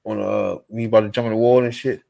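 A man's voice: fairly low pitch, little pitch movement, very fast, gravelly, dark tone. A man hosting a casual podcast, bantering in slang and laughing often. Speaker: podcast host. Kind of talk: casual chat.

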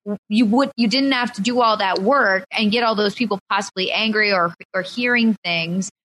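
A woman's voice: medium pitch, normal speed, fairly bright tone, a little hiss or hum, poor audio. A woman co-hosting a casual podcast discussion. She speaks directly and acts out quoted lines of dialogue.

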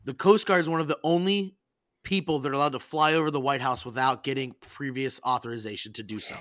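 A man hosting a podcast, telling stories in a casual, animated and profane way and acting out the people he quotes. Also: medium pitch, fast, no room sound. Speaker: podcast host. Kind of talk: casual storytelling chat.

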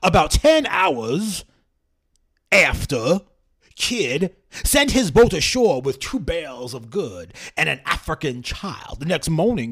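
A man doing an old southern gentleman drawl. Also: fairly high pitch, breathy edge, exaggerated voice. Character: old male southern gentleman reading old testimony. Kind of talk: dramatic reading in a podcast.

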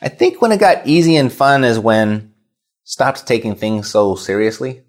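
A man's voice: mid-range voice, big pitch swings, moderate pace. A man co-hosting a casual business podcast, talking in a rambling, conversational way and often correcting himself. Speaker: podcast co-host.

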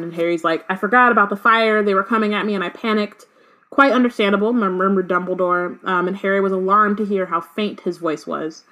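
A woman's voice: on the low side, a bit bright. Woman, casual book-club reader, filler-heavy and slangy. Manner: many fillers and "like", loose slangy asides. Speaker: podcast co-host reading and discussing a book. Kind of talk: casual chat mixed with reading aloud.

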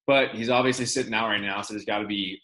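Guy talking hoops fast, lowish voice, lots of restarts. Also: fairly even intonation, a bit bright, rough recording. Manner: quick, rambling with restarts. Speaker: podcast co-host. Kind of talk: casual sports chat.

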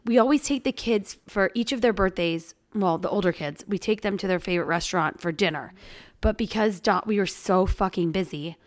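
Casual woman co-host, mid pitch, profane and animated storyteller. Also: fairly quick. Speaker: podcast co-host and mother. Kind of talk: casual chat.

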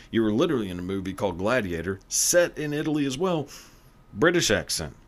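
A man with a low, deep voice hosts a podcast alone, ranting about movies with plenty of swearing. His pitch jumps around a lot as he punches his points. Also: lively intonation, a little fast. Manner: profane, ranting, emphatic. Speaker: podcast host. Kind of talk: casual solo commentary.

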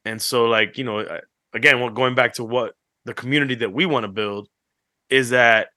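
Bright-voiced man telling animated stories. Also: medium pitch, moderate pace, no room sound, clean studio sound. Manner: animated storyteller, acts out quotes, swears freely. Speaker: podcast co-host. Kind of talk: casual chat.

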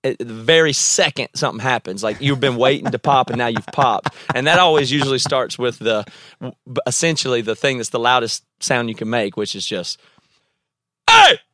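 A man hosts a casual talk show, pressing his guest with long, winding questions. His voice sits at a middling pitch. The recording is dry and close to the mic. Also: brisk, a bit bright, no echo. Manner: probing, talks in long run-on thoughts. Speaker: podcast host. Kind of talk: casual conversational chat.

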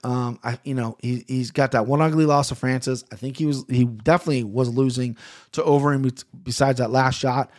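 A man's voice: medium pitch, darkish tone, no room sound, clean studio sound. A man hosting a casual fight-picks podcast, talking in a laid-back, rambling, self-deprecating way. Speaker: podcast host. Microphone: podcast mic on camera.

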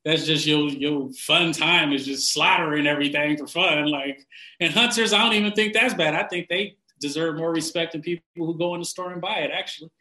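A man ranting casually and bluntly, swearing constantly, laughing often and getting animated when he mocks people. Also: fairly high pitch, a little fast, roomy sound, rough recording. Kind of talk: casual profane rant.

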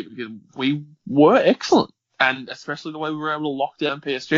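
A man's voice: mid-range voice, no room sound. A man talking as a podcast guest, giving articulate, analytical football talk at length. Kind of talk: casual chat. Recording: dry, dull lo-fi sound.

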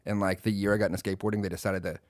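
A man's voice: deep voice, flat delivery, rapid-fire, no echo, clean studio sound. A man telling rambling, profane stories as a podcast guest, with many restarts. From Texas. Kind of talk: casual chat.

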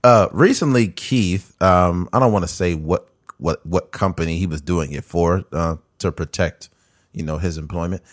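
A man's voice: low-pitched, moderate pace. A man hosting a podcast in casual chat, laid-back and joking, swearing freely. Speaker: podcast host.

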